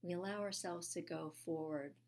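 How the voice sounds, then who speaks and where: A woman giving a sermon, telling a personal story earnestly with frequent fillers and occasional hushed, soft-spoken moments. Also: on the low side, fairly even intonation, normal speed. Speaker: speaker at a spiritual church.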